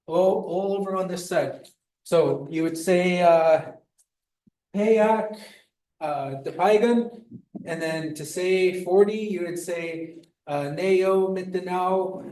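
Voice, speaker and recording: A man's voice: high voice, mellow, distant mic. A man teaching a class at the board, easygoing and joking with students. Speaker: language instructor. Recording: roomy classroom sound from off-mic.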